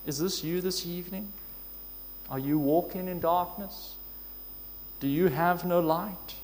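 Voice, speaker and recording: A man preaching a sermon in an earnest, measured way, asking his listeners questions. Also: sits high. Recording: long hall reverb.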